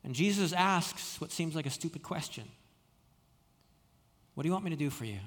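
A man preaching a sermon, telling stories with frequent restarts and stammered repeats, dropping soft when quoting. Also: on the high side, animated, moderate pace, long reverb tail. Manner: storytelling, many restarts and stammered repeats, drops soft for quoted words. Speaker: pastor.

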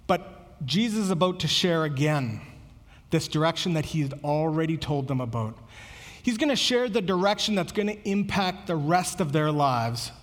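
A man's voice: fairly high pitch, in a large hall. A man preaching a sermon as pastor, earnest and conversational, often repeating words as he goes.

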